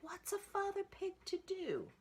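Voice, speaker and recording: A woman voicing a fussy father pig in a children's picture-book reading, with drawn-out, singsong exclamations. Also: very high voice, wildly swooping pitch, slight background noise, pitched above the performer's own voice, heavily acted. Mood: fretful.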